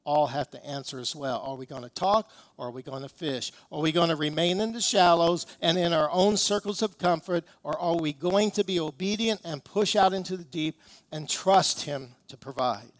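Male pastor, higher voice, emphatic sermon storyteller who leans on rhetorical questions. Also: normal speed, no room sound.

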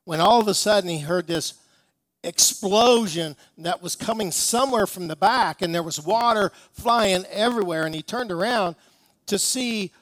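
Male pastor, higher voice, emphatic sermon storyteller who leans on rhetorical questions. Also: normal speed, fairly bright tone, no echo.

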